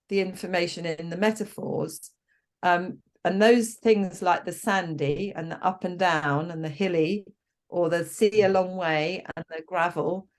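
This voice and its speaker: A woman coaching trainer explaining her method, acting out sample exchanges between coach and client, with frequent ums and restarts. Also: on the low side.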